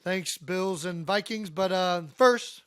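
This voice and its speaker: High-pitched ohio guy on a sports podcast, teasing and quick, dry close sound. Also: a bit bright, smooth, dry recording. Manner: teasing, quick-talking, ribbing his co-host. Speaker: podcast co-host. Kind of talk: casual sports podcast chat.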